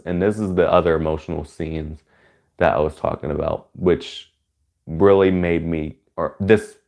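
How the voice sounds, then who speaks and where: A man with a fairly low voice gives a casual, rambling movie review. He fills his talk with "like" and "you know". When excited, he jumps into loud, high cheers.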